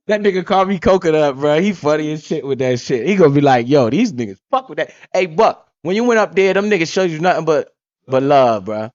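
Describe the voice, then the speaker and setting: A man from Connecticut hosting a livestream, talking loudly in animated street slang and swearing often. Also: on the high side, moderate pace. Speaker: livestream host. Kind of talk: casual livestream chat. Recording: lo-fi stream audio.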